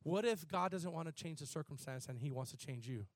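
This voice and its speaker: A man preaching a sermon, repeating words and drawing out phrases, building from quiet emphasis to shouted fervor. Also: fairly high pitch, brisk, no room sound.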